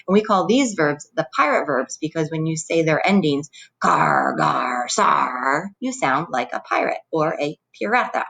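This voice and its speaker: A woman teacher giving a recorded Spanish grammar lesson, explaining clearly and patiently and pronouncing Spanish verb forms. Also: deep voice, expressive, normal speed, few pauses, low-quality recording.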